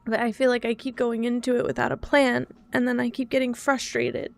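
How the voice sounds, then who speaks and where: A young woman streamer with a fairly high, flat voice and vocal fry chats briskly and casually with viewers. Frustrated and hard on herself, she talks through her troubles.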